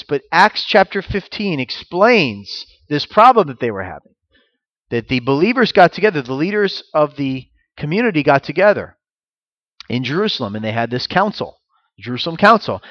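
A man's voice: a little high, no room sound, lo-fi sound. A man giving a sermon as pastor, teaching through rhetorical questions and repeated phrases.

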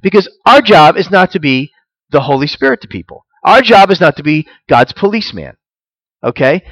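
A man delivers a sermon in an earnest, teaching voice that sits slightly high for a man. He reads scripture aloud and lifts his voice to stress key points. The sound is dry and close, with no room echo. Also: big pitch swings, moderate pace, a bit bright, breathy edge. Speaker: pastor.

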